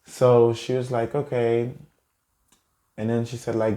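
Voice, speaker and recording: A young man telling a personal story in a halting, choked-up way, close to tears. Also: medium pitch, little pitch movement, warm tone. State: tearful. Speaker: vlogger. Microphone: camera mic, seated in a chair.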